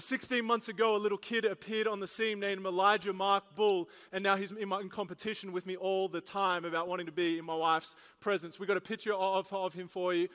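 A young male pastor preaches with a high, bright voice, mixing playful asides and stories into his sermon. His voice rings out with a long reverb through a large church hall. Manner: animated storytelling with jokes and asides.

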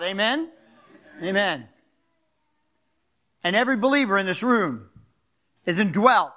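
An older male pastor with a Philadelphia accent preaches in a fast, animated way and keeps checking in with his listeners. His voice sits high for a man and has a bright, forceful edge. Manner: animated, fast-talking, asks the crowd "right?". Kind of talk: sermon.

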